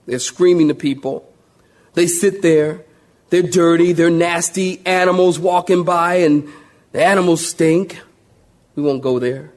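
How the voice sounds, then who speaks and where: A man preaching a sermon, telling a Bible story with lively, animated delivery and acting out the voices of the people in it. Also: fairly high pitch, a little slow.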